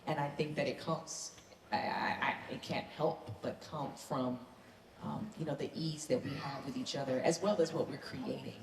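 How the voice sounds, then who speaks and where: A woman from the American South speaks with a low, deep voice, answering fan questions eagerly and earnestly. The sound rings around a big convention hall with a long echo and a faint hiss. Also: steady tone, normal speed. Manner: enthusiastic, earnest. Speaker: actor guest on a convention panel. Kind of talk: panel Q&A answers.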